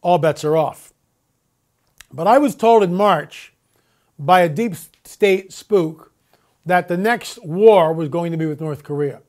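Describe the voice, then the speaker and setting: A man's voice: a little high, takes it slowly, pauses often, a little mellow. A man hosting a radio talk show, speaking emphatically with repetitions and rhetorical questions. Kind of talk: casual monologue on air.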